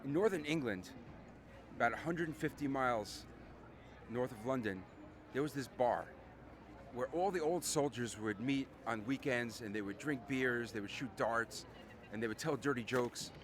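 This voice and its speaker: A man's voice: medium pitch, normal speed, background noise. A man telling a long joke to a camera with theatrical storyteller pacing, outdoors on a city street.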